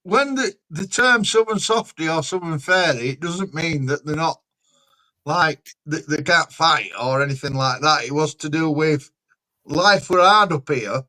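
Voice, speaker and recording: Yorkshire guy on a livestream, high bright voice, blunt and chatty, laughs a lot. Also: unhurried, low-quality recording. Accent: Yorkshire English. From Yorkshire, England. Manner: blunt, laughs often, explains at length. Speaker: streamer, truck driver. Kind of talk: casual live-stream chat.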